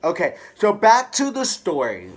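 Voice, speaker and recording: A man candidly telling a personal story to camera in an expressive, drawn-out way. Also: sits high. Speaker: hairstylist vlogger.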